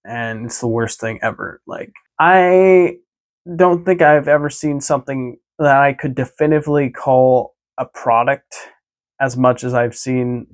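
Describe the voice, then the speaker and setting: A man's voice: mid-range voice, unhurried. A man vlogging a casual recap of his day, easygoing and chatty, rambling with lots of filler words and restarts.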